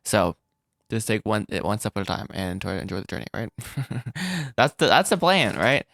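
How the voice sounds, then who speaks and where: A man vlogging about making his animated film, rambling and self-deprecating, with frequent restarts and little laughs. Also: on the low side, moderate pace, vocal fry, no room sound, studio quality. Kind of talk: casual solo vlog.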